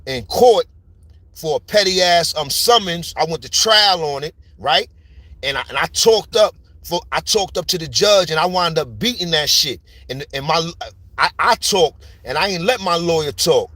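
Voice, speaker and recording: A man's voice: a little high, fairly bright tone, no echo. A man from New York with a New York accent, telling stories in a casual, slang-heavy monologue full of "you heard?" tags. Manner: street slang, repeats "you heard?" and "you know what I'm saying". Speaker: storyteller YouTuber.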